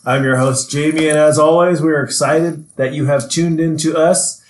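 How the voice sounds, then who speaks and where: A man's voice: on the high side, steady tone, normal speed. A man hosting a casual podcast, upbeat and welcoming, sometimes searching for words. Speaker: podcast host. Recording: echoey room with faint noise.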